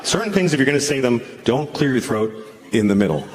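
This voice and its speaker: A man doing a stand-up routine on a club stage, delivering shocking lines in a dry, deadpan way. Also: medium pitch, fairly quick, a little hiss or hum. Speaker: stand-up comedian. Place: comedy club stage before a laughing audience. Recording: live club recording with loud crowd laughter.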